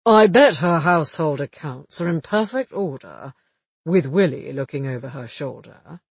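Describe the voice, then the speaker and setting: A husky, slightly raised voice belongs to a shrewd police detective, read by a man. He talks in a measured, matter-of-fact way with a dry, wry humour, recorded close with no room sound. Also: a little high, lively intonation, no room sound. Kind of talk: audiobook dialogue reading.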